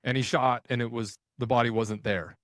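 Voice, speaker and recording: A man, a podcast guest, telling a story in a casual, animated way, full of "like" and scenes he acts out. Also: medium pitch, normal speed, no room sound, studio quality. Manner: animated, retells scenes with quoted dialogue and filler "like".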